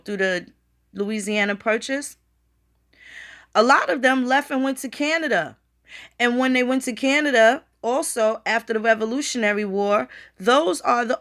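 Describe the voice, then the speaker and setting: A woman's voice: a little high, fairly bright tone. Rambling, profane woman talking casually. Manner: rambling, profane, conversational, addresses viewers directly. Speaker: channel host. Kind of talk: casual livestream talk.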